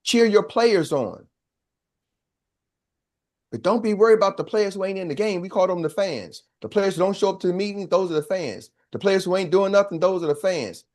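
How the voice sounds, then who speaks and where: A man's voice: high voice, a little mellow. A man gives a motivational sales training. He talks like a preacher, throws questions to the room and waits for answers. He slips into short acted voices to make his point. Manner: preachy, call-and-response, acts out little voices. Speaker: sales coach.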